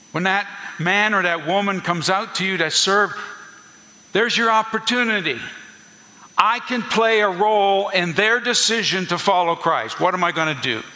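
Male pastor, earnest sermon delivery, slightly high pitch, long hall reverb. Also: pushed and bright. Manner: earnest teaching preacher, emphatic repetition.

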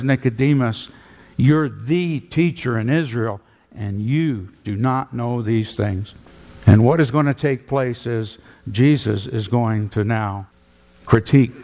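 A male pastor preaching a sermon with emphatic, animated delivery in a church. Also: medium pitch, creaky. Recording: long hall reverb.

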